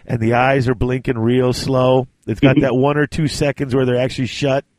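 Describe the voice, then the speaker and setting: With a medium-pitched voice at a moderate pace, a podcast host animatedly relates a long story in a casual chat, voicing the other people's dialogue. The recording is dry.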